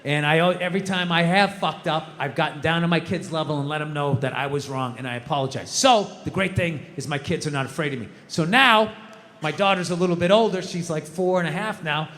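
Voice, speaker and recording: A man does stand-up comedy on a large outdoor stage, ranting into a handheld mic in an exasperated, profane way. His voice is a little high, fairly quick and a bit bright, and the live outdoor show has reverb.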